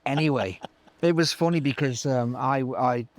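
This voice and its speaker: A middle-aged live sound engineer telling animated stories in an interview, acting out other people's voices with many restarts. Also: male voice, mid-range voice, normal speed, no echo. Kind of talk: anecdotal interview chat.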